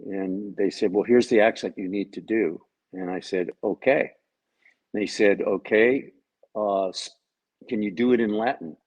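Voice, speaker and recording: An actor appearing as a guest on a video call chats casually about his acting role in a fairly low, darkish voice with a breathy edge. His tone is steady and unhurried, and he jokes around, telling stories that quote other people's lines. The recording has its highs cut off.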